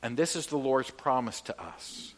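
A man's voice: medium pitch, normal speed. A man delivering a sermon as pastor, from Canada, emphatic and leading the congregation in call-and-response.

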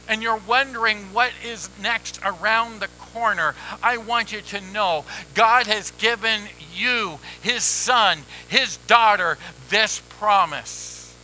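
A man preaching a sermon as pastor, measured and emphatic with deliberate pauses. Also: sits high, sharp tone, slight background noise, rough recording.

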